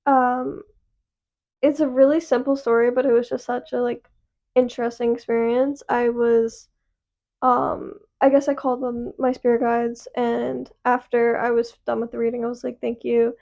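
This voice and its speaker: A young woman co-host with a high voice and a gravelly fry, telling stories in a loose, chatty way. The recording sounds a little dull and lo-fi. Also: level tone, moderate pace, a little mellow. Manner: chatty storytelling with many "like" fillers. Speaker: podcast co-host. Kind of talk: casual chat.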